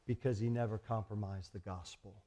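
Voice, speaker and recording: A man's voice: lowish voice, fairly even intonation, fairly quick, mellow. A man preaching a sermon in an earnest, conversational way, asking rhetorical questions.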